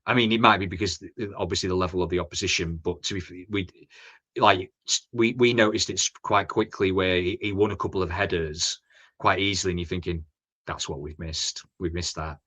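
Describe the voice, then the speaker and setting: A man's voice: sits low, fairly even intonation, quick pace, fairly bright tone. A man, co-hosting a podcast in a chatty, rambling football chat full of restarts and tag questions. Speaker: podcast co-host.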